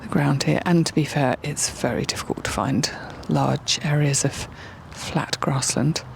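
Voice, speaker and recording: A woman's voice: low voice, steady tone, unhurried, gravelly. A woman filming outdoors at a windy, wet showground, chatting through a casual commentary and calling encouragement to the horse.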